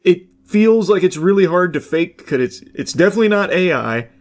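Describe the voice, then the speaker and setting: A man's voice: high voice, lively intonation, fairly quick, darkish tone. A man giving blunt, casual reaction commentary, talking loosely with plenty of fillers.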